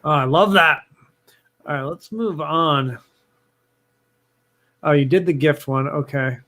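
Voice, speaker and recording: A man's voice: a little high, slow, a bit bright. A man hosting a live question session, upbeat as he reads out viewer questions. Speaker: host. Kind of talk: live Q&A chat.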